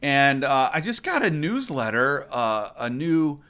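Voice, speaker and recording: A man's voice: medium pitch, sing-song, unhurried, sharp tone. A man hosting a live stream, ranting in a rambling, mock-outraged way, and he breaks into sudden screams.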